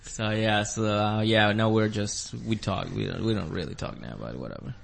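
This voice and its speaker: Low-voiced man telling a rambling story. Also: moderate pace, gravelly. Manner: rambling, with filler words and acted-out quotes. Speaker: comedian. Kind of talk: casual storytelling among friends.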